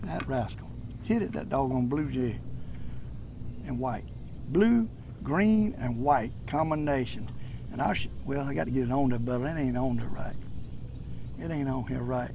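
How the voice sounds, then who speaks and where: An older man with a Southern US accent, chatting casually to the camera while fishing from a boat, folksy and prone to excited exclamations. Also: mid-range voice, normal speed, long pauses. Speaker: fishing vlogger. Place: outdoors on a boat on a lake. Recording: outdoor background noise on a lake.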